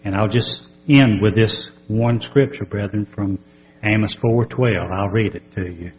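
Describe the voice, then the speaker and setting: A man's voice: fairly low pitch, a little slow, a little hiss or hum. A man preaching a sermon, reading scripture aloud with earnest, emphatic rises. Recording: dull lo-fi sermon recording.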